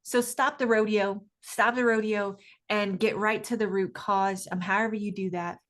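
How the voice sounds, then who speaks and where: A woman's voice: mid-range voice, steady tone, moderate pace, a bit bright. A woman guest coach speaking energetically in an interview, emphatic and often laughing. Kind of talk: enthusiastic interview talk.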